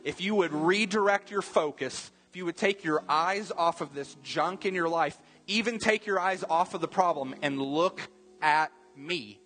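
A man preaching a sermon as pastor, earnest, repeating key phrases and slowing down for emphasis. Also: on the high side, a bit bright, faint music behind.

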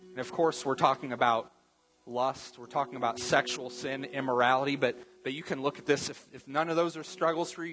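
A man preaching a sermon as pastor, earnest, repeating key phrases and slowing down for emphasis. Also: mid-range voice, a bit bright.

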